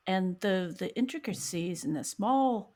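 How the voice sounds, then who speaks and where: A woman's voice: mid-range voice, animated, unhurried, warm tone. A woman co-hosting a podcast, speaking thoughtfully and a little hesitantly in casual discussion. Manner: thoughtful, hesitant, repeating words. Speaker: podcast co-host.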